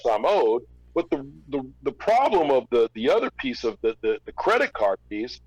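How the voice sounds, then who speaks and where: A man's voice: medium pitch, darkish tone, slightly rough, dry recording, highs cut off. A middle-aged man, a former record label executive, tells a story as a podcast guest, acting out both sides of each exchange and often restarting his sentences. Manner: recounts events through quoted back-and-forth dialogue; frequent restarts and repeated words. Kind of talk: storytelling in a casual interview.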